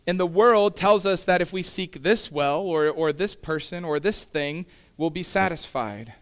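Male pastor, fairly high and smooth voice, chatty sermon delivery with asides. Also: unhurried. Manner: conversational preaching with casual asides.

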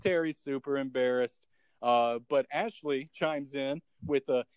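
A man's voice: mid-range voice, moderate pace, dry recording, poor audio. A man co-hosting a casual comedy podcast, recapping a TV episode, often laughing and swearing.

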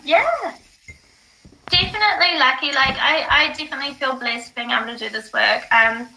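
A woman guest on a podcast, telling a personal story in casual chat, animated, with many fillers and the odd swear. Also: high voice, normal speed, creaky, low-quality recording. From not from the UK. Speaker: psychic guest.

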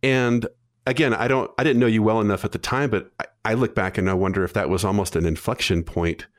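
A man with a lowish voice hosts a relaxed interview, musing aloud as he builds his questions. He talks in a reflective, searching way. The sound is close and dry, with no echo. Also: quick pace. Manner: reflective, thinks aloud with fillers. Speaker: podcast host. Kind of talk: casual interview.

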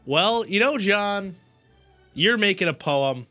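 A man's voice: high voice, animated, slow, bright, forceful tone, no echo, faint music behind. A man co-hosting a casual sports podcast, playful and chatty. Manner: playful, recites rhyming poem with gusto. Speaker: podcast co-host.

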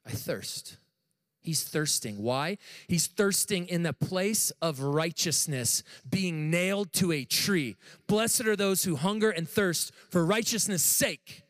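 Man preaching an animated sermon. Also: sits high, a little slow. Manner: animated preaching, asks the congregation questions. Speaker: pastor.

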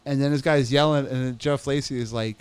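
A man's voice: medium pitch, steady tone, brisk, smooth. A man telling stories in a casual, profane chat, acting out other people's voices as he goes.

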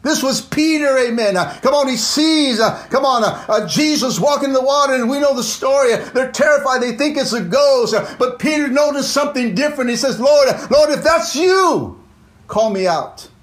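A man preaching a fervent sermon as pastor, constantly dropping "amen" and "come on," and swinging between loud exclamations and low, quiet asides. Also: brisk, few pauses.

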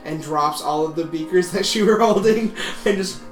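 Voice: medium pitch, normal speed. A game master narrates a tabletop game in a loose, rambling way with many fillers. The voice sounds distant and echoey, with music playing behind.

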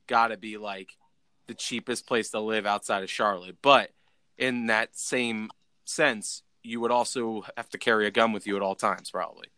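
Young male podcast host, bright voice, dry close sound, casual rambling storyteller. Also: on the low side, steady tone, normal speed, clean tone, dry recording. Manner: rambling, lots of "like" and restarts.

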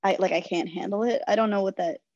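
A woman's voice: medium pitch, fairly even intonation, fast, darkish tone, dry recording, highs cut off. A woman talking casually and openly, with lots of filler words and a self-deprecating manner. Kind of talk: casual conversation.

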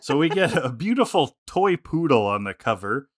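A man's voice: medium pitch, sing-song, normal speed, no room sound, studio quality. A man co-hosting a casual podcast chat, playful and joking, laughing often. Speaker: podcast co-host.

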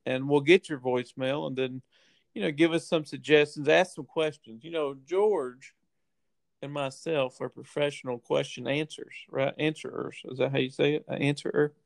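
A laid-back man co-hosting a podcast, chatting loosely with plenty of "uh"s and restarts. His voice is gravelly and slightly high for a man. The sound is dry and close, with no room around it. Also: steady tone, moderate pace, dry recording. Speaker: podcast co-host. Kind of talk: casual chat.

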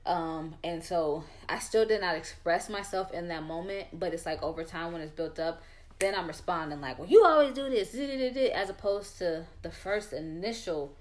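A young woman with a slightly low voice chats casually about her life. She tells her story candidly and fills it with everyday fillers. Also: normal speed. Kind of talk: casual chat.

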